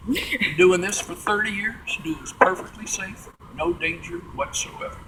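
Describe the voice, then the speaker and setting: A Midwestern man doing an easygoing older Texan test pilot with a put-on Texas drawl, taking everything in stride. The voice sits high and bright, and a faint hum of background noise runs under it. It is recorded in a big museum hangar. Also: lively intonation, measured pace, far from the mic, heavily acted, poor audio. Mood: dry, amused. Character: older male Texan test pilot, laid-back and unflappable.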